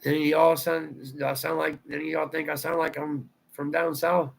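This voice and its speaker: A man's voice: on the high side, level tone, normal speed, vocal fry, rough recording. A man from Ohio with a Southern drawl, rambling through a casual livestream chat and answering viewer comments aloud. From Ohio, USA. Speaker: livestream host.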